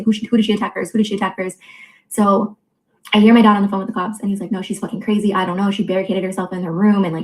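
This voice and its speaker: A woman in her twenties telling a personal story in a candid vlog, blunt and full of profanity, quickly acting out what others said. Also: mid-range voice, rough recording. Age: 20s. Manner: quotes others in quick reported dialogue. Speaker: vlogger.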